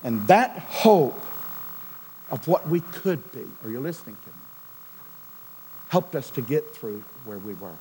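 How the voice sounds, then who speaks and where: A middle-aged man preaching a sermon as a pastor, swinging from loud emphasis to a near-whisper. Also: mid-range voice, sing-song, unhurried, long pauses, slight background noise, low-quality recording.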